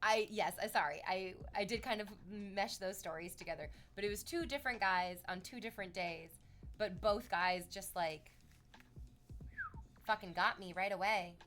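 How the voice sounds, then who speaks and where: A woman's voice: medium pitch, normal speed, a bit bright, a little hiss or hum. A young woman streaming from Canada, chatting with viewers in a rambling, sarcastic and profane way. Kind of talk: casual stream chat.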